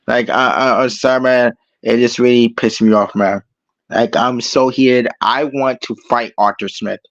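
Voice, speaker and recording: A man's voice: mid-range voice, steady tone, measured pace, no room sound, dull audio. A man calling in to a fan show, ranting angrily and swearing, repeating himself as he gets worked up. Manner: heated, profane, repeats himself. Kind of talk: angry fan rant.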